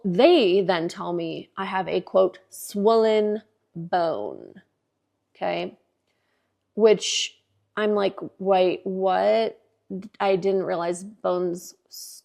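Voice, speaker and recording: A woman's voice: mid-range voice, darkish tone. Chatty, exasperated woman podcast host. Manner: chatty, exasperated, swears freely, acts out quoted dialogue. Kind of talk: casual storytelling monologue.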